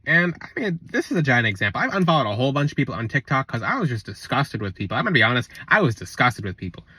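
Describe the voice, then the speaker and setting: A man's voice: medium pitch, big pitch swings, fast, pushed and bright, breathy edge, no room sound. A man talking in a casual spiritual vlog, blunt and rambling, on a close mic. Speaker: spiritual content creator.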